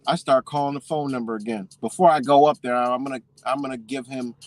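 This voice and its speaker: A man casually telling a story as a vlogger, swearing freely and animated as he talks. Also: medium pitch, fast, no room sound.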